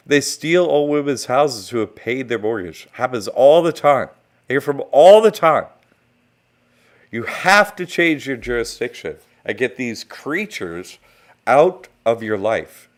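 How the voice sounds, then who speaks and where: A man's voice: mid-range voice, lively intonation, normal speed. A man hosting a live-streamed online class, rambling and conversational as he greets chat viewers. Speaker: online course host.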